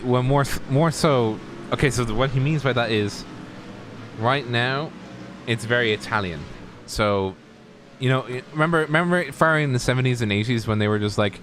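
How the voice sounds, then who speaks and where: A man's voice: medium pitch, moderate pace, noisy background. A man co-commentating a sim racing stream, opinionated and jokey. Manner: opinionated, jokey, laughs at crashes. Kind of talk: live race commentary chat.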